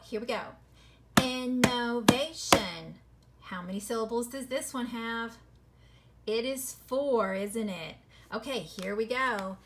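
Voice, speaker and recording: A woman teaching a phonics lesson to children, encouraging and sounding words out slowly syllable by syllable. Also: a little high, a bit bright. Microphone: recorded video lesson.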